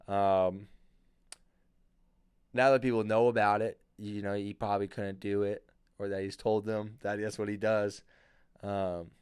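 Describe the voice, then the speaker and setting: A man's voice: mid-range voice, clear, resonant tone, dry recording, studio quality. A young man hosting a casual solo podcast, ranting sarcastically and swearing freely. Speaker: podcast host.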